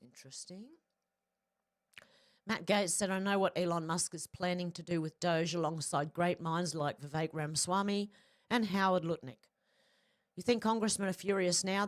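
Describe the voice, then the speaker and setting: A woman's voice: lowish voice, normal speed. An Australian woman reading out social media posts and commenting on them in a casual, blunt, profane way, with frequent asides. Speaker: political commentary vlogger.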